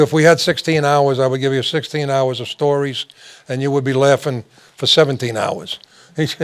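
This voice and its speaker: A man's voice: medium pitch, clear, resonant tone. A man hosting a talk show, telling rambling anecdotes with frequent restarts and laughing through his stories. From New York. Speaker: host.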